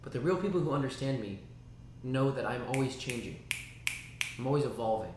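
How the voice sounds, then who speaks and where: A man streaming casually to his chat, rambling and animated, dropping spoken sound effects like "boom" between thoughts. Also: brisk. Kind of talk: casual livestream talk. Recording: very echoey room, faint noise.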